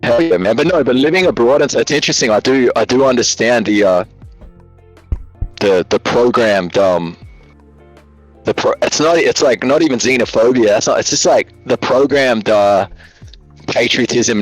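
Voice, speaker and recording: The audio is poor, with faint music in the background, as a fairly low-pitched Australian man talks at a normal speed. He's a guest content creator in a casual interview, video-calling from his home in Latvia and telling jokey, loose stories with plenty of fillers.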